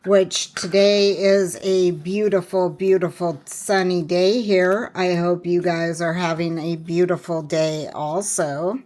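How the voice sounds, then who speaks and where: A woman's voice: on the low side, level tone, darkish tone. A woman chatting casually to her viewers while working on her planner, rambling along with many fillers and restarts. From Washington State, US. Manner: slow, unhurried talk. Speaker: planner vlogger.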